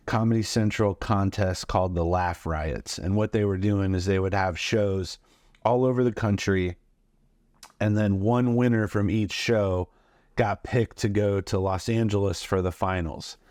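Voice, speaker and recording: Low-voiced man telling a comic anecdote. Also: no echo, clean studio sound. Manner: animated anecdotes, acts out quotes, lots of fillers. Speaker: comedian guest. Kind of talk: storytelling interview.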